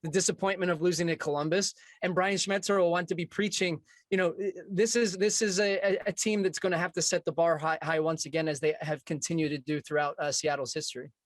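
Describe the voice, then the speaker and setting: A man with a somewhat high voice talks soccer on a panel in a chatty, easygoing way. The sound is dry and close, with no room around him. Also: steady tone, no echo. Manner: chatty, quick to joke. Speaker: soccer analyst. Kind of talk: casual panel discussion.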